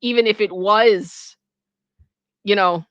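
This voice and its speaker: A woman hosting casual reaction commentary, chatty and expressive and quick to laugh. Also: mid-range voice, no room sound. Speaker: pop culture reaction host.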